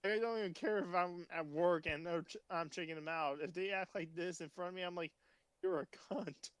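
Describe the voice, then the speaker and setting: A man's voice: sits high, fairly even intonation, fairly quick, clear, resonant tone, dry recording. A man co-hosting in casual comedic chat, rambling and swearing with lots of fillers. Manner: rambling, profane riffing with fillers.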